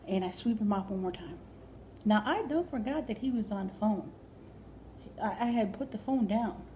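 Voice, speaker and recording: A woman comedian telling a funny story, animated, dropping to whispers for effect and repeating herself in bursts. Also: medium pitch, normal speed, a little hiss or hum, low-quality recording. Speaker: stand-up comedian. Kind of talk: comic storytelling.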